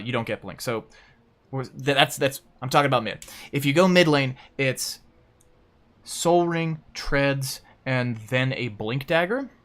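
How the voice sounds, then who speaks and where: A man hosting a game guide, talking through gameplay in a casual, rambling and self-deprecating way. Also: medium pitch. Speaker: host of a game guide channel.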